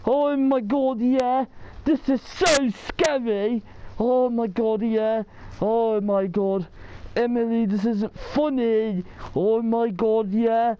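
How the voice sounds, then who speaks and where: Woman yelling and complaining at a game, high voice, drawn-out slow words, noisy recording w clicks. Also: fairly even intonation. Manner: exclaiming and complaining, tags questions onto sentences. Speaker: gamer. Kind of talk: horror game commentary.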